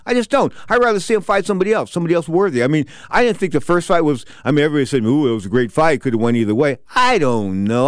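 A man's voice: sits high, clean tone, no room sound, clean studio sound. Ranting middle-aged male boxing host. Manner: blunt, ranting, sarcastic. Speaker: boxing talk show host. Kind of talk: opinionated sports talk. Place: studio.

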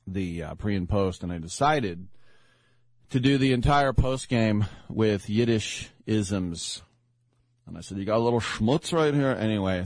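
A man's voice: sits low, darkish tone, no room sound. A man hosting a sports radio show, telling stories casually and acting out the people he quotes. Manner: chatty, acts out quoted voices. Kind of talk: casual storytelling.

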